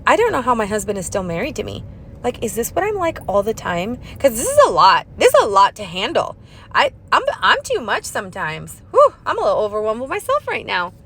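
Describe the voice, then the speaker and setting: Bubbly fast-talking young woman crafter. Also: fairly high pitch, wildly swooping pitch, fairly bright tone. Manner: fast, bubbly, silly sing-song asides. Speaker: craft tutorial host. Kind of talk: chatty voiceover tutorial.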